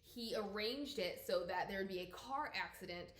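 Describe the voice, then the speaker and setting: A young woman with a light Southern US accent talks through a book in a casual, opinionated way. Her pitch sits in an ordinary middle range but jumps up when she stresses a point. The room around her echoes noticeably. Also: normal speed. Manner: chatty and opinionated, with lively emphatic rises. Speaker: book reviewer. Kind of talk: casual spoken book review.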